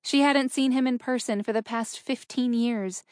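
A woman reading an audiobook in a steady, measured narration. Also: on the high side, dry recording, clean studio sound.

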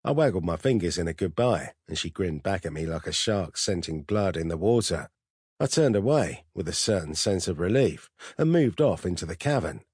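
A man reading a first-person story aloud in a dry, wry, measured way. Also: low voice, darkish tone, breathy edge, no echo. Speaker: audiobook narrator. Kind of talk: first-person scripted narration.

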